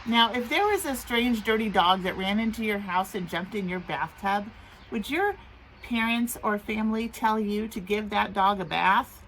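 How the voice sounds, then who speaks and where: A woman teacher reading a picture book aloud to young children outdoors in the rain, in an expressive, sing-song storytelling manner. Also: mid-range voice, normal speed, poor audio. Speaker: preschool teacher. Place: outdoors in the rain near a road. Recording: traffic noise from passing trucks.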